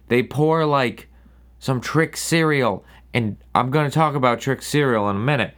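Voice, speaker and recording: A young man from New England hosting a podcast, ranting sarcastically with a lot of swearing. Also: mid-range voice. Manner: sarcastic, profane, animated ranting. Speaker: podcast host. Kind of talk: casual solo rant.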